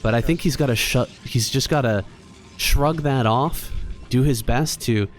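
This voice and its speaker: A man giving steady, measured play-by-play commentary on a strategy game match at a live event. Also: medium pitch, faint music behind. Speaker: esports commentator. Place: venue at a LAN event.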